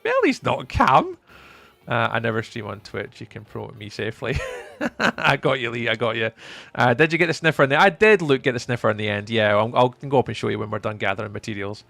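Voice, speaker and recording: A man livestreaming a game, casually reading his chat aloud and chatting back, with sudden excited bursts. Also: medium pitch, fast talker, creaky, no echo.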